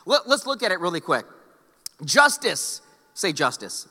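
A man's voice: high voice, very animated, unhurried, bright, forceful tone. A middle-aged male pastor preaching a sermon, telling stories with joking asides to the congregation. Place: large church hall. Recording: long hall reverb.

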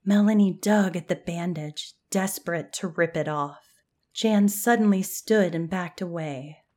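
A woman telling a scary campfire story as scripted narration, in a hushed voice that often drops to a whisper. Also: lowish voice, a little slow.

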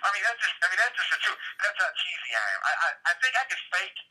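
A man's voice: high voice, sing-song, very fast, sharp tone, husky, low-quality recording. A man from Oklahoma telling rambling, profane, self-deprecating stories in a casual podcast chat.

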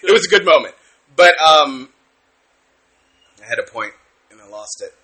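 A man's voice: on the high side, expressive, moderate pace, pushed and bright. A man co-hosting a podcast in casual chat, rambling with restarts and laughing often. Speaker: podcast co-host.

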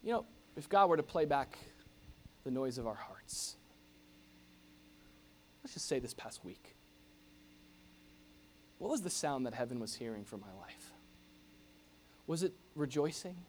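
A middle-aged pastor preaching a sermon in an animated, jokey way, acting out grumbling noises. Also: male voice, mid-range voice, a little slow, pauses often, slight background noise.

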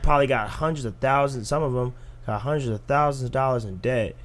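A man's voice: medium pitch, quick pace. A young man in casual podcast chat, arguing with rhetorical questions. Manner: animated, argumentative, rhetorical questions.

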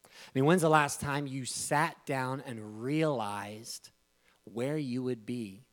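A man in his thirties giving a devotional talk, telling a family story with laughter and rising emotion. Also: slow. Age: 30s. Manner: animated, laughing, voice climbing high when moved. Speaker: speaker.

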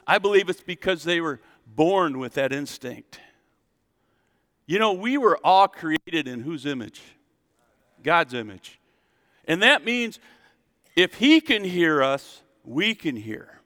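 A man preaching a sermon as a pastor, animated and drawing call-and-response from his congregation in a church sanctuary. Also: on the high side, takes it slowly, long pauses. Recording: long reverb in a hall.

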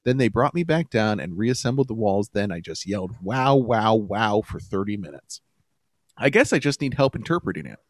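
A man's voice: lowish voice, a little fast, no echo. Guy cohosting a podcast, laid back and laughing a lot, voice jumps around a lot, dry close mic. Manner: laid-back, chuckling, lively delivery. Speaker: podcast co-host. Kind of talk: casual chat, reading posts aloud.

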